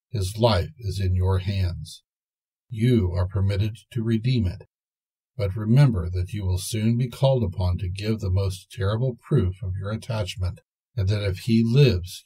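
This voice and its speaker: A grave, kindly storybook fairy, as an older man puts her on, measured and slow with warning weight. The voice stays low, mellow and a little husky. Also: rough recording. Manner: solemn, measured. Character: kindly but solemn female fairy.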